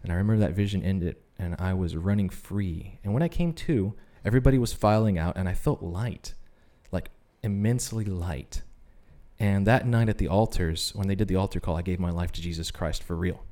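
Low and mellow, with lively intonation and a slightly fast pace, a man gives an earnest testimony of his faith on a podcast. The talk is casual, and he voices the people he quotes.

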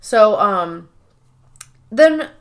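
A woman's voice: mid-range voice, expressive, very slow. A woman co-hosting a podcast, retelling TV scenes in casual chat, often quoting the characters' lines and swearing freely. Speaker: podcast co-host.

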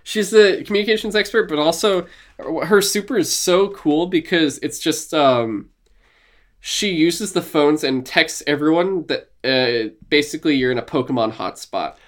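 Male podcast co-host, casual and animated, quick to laugh and mimic. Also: fairly high pitch. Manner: animated, laughing, acts out quotes. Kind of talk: casual gaming chat.

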